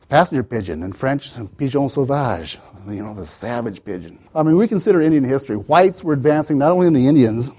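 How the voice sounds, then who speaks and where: A man's voice: mid-range voice, animated, a little fast, hardly any pauses, mellow. A man giving an academic lecture as the author, digressive, with wry asides and many "you know" fillers.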